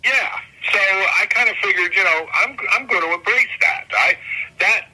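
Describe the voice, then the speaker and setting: Older man, bright and husky. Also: sits high, moderate pace, rough recording. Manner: rambling, self-correcting, enthusiastic. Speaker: comic artist guest. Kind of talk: casual interview conversation.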